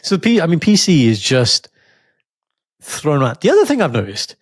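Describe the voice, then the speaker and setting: A middle-aged man co-hosting a casual podcast, an animated storyteller who laughs often. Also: fairly high pitch, moderate pace, breathy edge, dry recording, clean studio sound. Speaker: podcast co-host.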